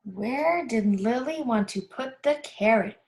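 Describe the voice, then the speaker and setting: Teacher lady, slightly high voice, slow and patient, says the words over and over. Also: expressive, darkish tone. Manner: patient, repeats key words slowly. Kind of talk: guiding a class through a workbook.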